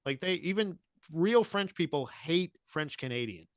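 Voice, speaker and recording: Male podcast co-host, blunt profane humor, fairly high voice, dry studio sound. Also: expressive, measured pace, no room sound. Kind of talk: casual chat.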